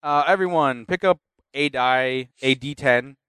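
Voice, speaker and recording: A man's voice: medium pitch, a little slow, a bit bright, clear, resonant tone, no room sound, studio quality. A man running a tabletop game as game master, hesitant and full of fillers.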